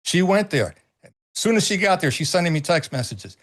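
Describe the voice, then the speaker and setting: A man's voice: high voice, sing-song, fairly quick. A middle-aged man co-hosting a casual political talk stream, emphatic and swearing freely, often repeating himself. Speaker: co-host.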